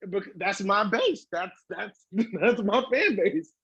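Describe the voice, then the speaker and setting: High husky guy riffing as a podcast guest, swears a lot, dry dull sound. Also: slow pace, no room sound. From Southern California. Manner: animated, swears freely, acts out quoted voices. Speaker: guest hip hop artist. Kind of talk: casual podcast interview.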